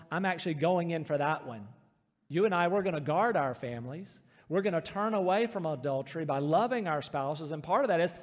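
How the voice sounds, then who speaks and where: Male pastor, middle-aged, higher voice, emphatic sermon delivery, long church reverb. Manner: earnest, emphatic preaching with slowed stresses. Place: church sanctuary.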